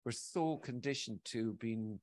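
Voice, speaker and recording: Here the Irish guest, a man in his forties, talks at a measured pace in a medium-pitched voice. His casual conversation wanders, full of animated energy and frequent swearing.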